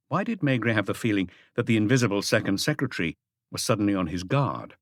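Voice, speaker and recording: Lively low-voiced male narrator. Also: brisk, no echo, clean studio sound. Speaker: audiobook narrator. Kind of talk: scripted narration.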